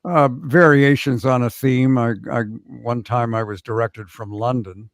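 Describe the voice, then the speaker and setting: A man's voice: medium pitch, steady tone, measured pace, no room sound, clean studio sound. A man guesting on a chat show, telling wry, self-deprecating stories about his acting work. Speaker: guest actor. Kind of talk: casual anecdotal chat.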